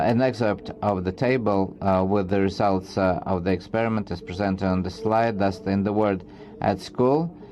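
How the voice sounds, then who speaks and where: A man with a lowish, slightly mellow voice gives an academic research presentation, reading haltingly from his slides and often restarting.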